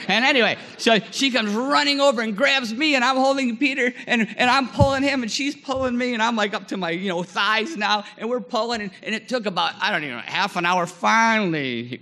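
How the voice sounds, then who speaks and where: A man in his forties telling a lively story in a sermon, acting out scenes with many fillers. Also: high voice, fairly quick, hardly any pauses, long reverb tail. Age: 40s. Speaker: guest chapel speaker.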